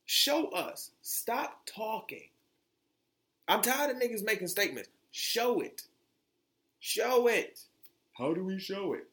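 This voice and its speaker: A man's voice: on the high side, fairly bright tone. A young man hosting his own podcast, talking bluntly and with lots of profanity, often restarting his sentences. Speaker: podcast host. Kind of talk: opinionated solo podcast talk.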